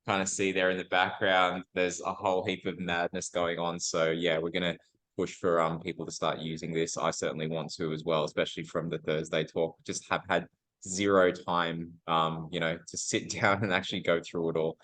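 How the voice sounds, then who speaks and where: A man's voice: low voice, little pitch movement, moderate pace, fairly bright tone, rough recording. A man hosting a community talk, thanking the presenter in an upbeat, informal way. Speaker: community event host. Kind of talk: closing thanks at a live talk.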